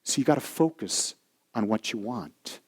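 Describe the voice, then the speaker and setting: A man's voice: on the low side, normal speed, husky. A male minister giving a sermon, telling stories and acting out the voices of the people in them. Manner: animated storyteller acting out quoted voices. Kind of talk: sermon with storytelling.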